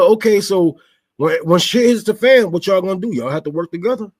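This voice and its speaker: A man with a high voice rants straight to his audience. He fires off rhetorical questions, swears freely and stumbles over repeated words as he goes. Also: animated, fairly quick. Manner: profane, stammering, rhetorical questions. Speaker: show host. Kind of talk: unscripted political rant.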